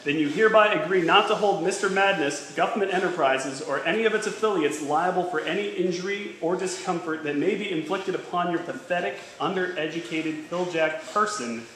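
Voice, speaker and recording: A man interviewing backstage and reading a formal statement aloud in a measured way, with dry asides. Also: sits high, a bit bright, echoey room, rough recording.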